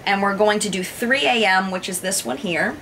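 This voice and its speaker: A woman beauty vlogger doing a makeup review, showing swatches, gushing and exclaiming with excitement. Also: mid-range voice, normal speed, a little hiss or hum.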